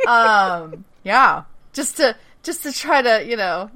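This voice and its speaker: A woman's voice: a little high, lively intonation, takes it slowly, pushed and bright. A woman co-hosting a casual rewatch podcast, chatty, swearing freely and laughing often as she recaps scenes. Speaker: podcast co-host recapping episodes.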